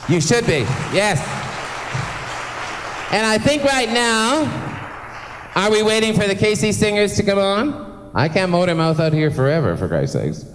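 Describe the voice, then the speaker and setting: A man emceeing live from a large theatre stage, his talk swooping up and down with lively, animated pitch. He gushes, chats and teases himself, dropping in a casual curse now and then. The hall's long reverb trails each phrase, over a faint hiss. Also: unhurried, long pauses. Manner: gushing, chatty and self-mocking, with playful swearing. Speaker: master of ceremonies at a benefit concert.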